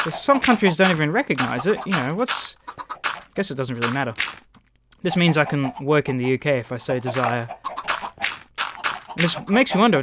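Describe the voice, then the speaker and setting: An Australian man rambles through a laid-back gaming commentary, swearing freely and yelling at the chickens in the game. His voice sits a little high for a man. Game noise can be heard plainly behind him. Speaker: gaming YouTuber. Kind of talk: casual rambling commentary while playing.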